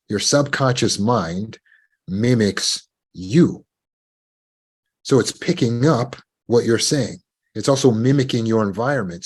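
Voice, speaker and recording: A man giving a measured motivational talk on recovery, often asking the listener rhetorical questions. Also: lowish voice, slightly rough. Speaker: self-help speaker.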